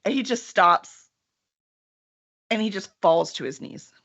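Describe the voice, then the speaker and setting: A woman narrating as game master of a tabletop game, animated and quick to laugh. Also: medium pitch, vocal fry. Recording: lo-fi stream audio.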